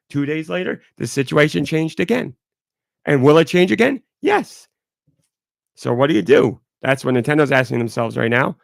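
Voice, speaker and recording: Male podcast host, gravelly and stuffed-up, rambling candid solo talk, dry close sound. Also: a little high, no room sound. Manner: rambling, candid, talks through it. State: congested.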